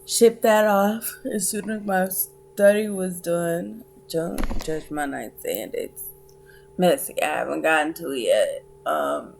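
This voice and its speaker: A tired young woman vlogging in casual chat, halting with many fillers and restarts. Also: lowish voice, gravelly, a little hiss or hum.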